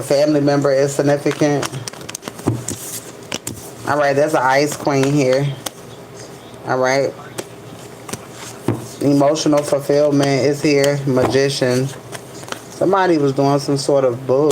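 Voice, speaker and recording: A woman's voice: extremely low pitch, fairly even intonation, background noise. A woman giving a casual tarot reading to camera. She peppers her talk with "all right" and stretches out single keywords as she turns cards. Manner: repeats "all right" constantly, drawn-out card keywords. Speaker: tarot card reader.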